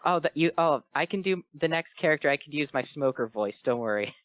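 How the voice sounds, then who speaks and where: A man reading a fanfiction aloud for a comedy show, slipping in quick character voices and breaking off to joke. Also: on the high side, expressive, fairly bright tone, dry recording. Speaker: fanfiction reader. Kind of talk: comedic dramatic reading with commentary.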